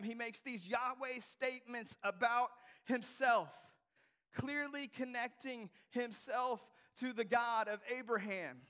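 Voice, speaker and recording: A man preaching a sermon to a congregation, dropping to whispers and rising to shouts. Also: very high-pitched. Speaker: pastor. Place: church hall before a congregation.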